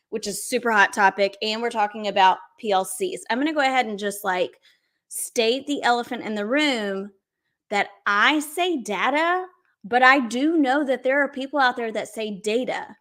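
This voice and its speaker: A woman's voice: fairly high pitch, sharp tone. A woman hosting a podcast, upbeat and chatty while interviewing a guest. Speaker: podcast host.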